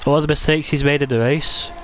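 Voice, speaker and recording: A man doing casual live commentary on a racing game league, chatty and excitable, often restarting his sentences. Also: a little high, brisk, slight background noise.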